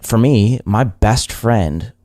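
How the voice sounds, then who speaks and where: A man hosting a podcast, asking questions in a thoughtful, measured way. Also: on the low side, darkish tone, dry recording, clean studio sound. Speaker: podcast host. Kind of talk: interview conversation.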